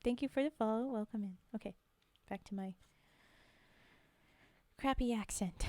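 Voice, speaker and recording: A young woman streamer reading poems aloud and chatting softly with her viewers. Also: a little high, a little slow, pauses often, no room sound. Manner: soft-spoken, chatty, thanks viewers between verses. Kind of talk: livestream poetry reading and chat.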